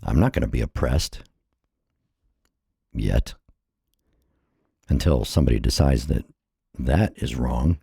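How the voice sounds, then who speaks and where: Middle-aged man from the States, dark husky bass, a bit breathless, impassioned solo vlog rant. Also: expressive, slow, pauses often, dry recording, studio quality. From United States. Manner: earnest, impassioned, repeats phrases. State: a little out of breath. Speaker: vlogger. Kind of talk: personal monologue.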